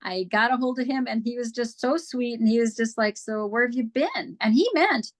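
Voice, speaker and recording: A woman's voice: on the high side, brisk. A woman guest on an interview show, telling her personal story in a candid, earnest way and acting out past conversations.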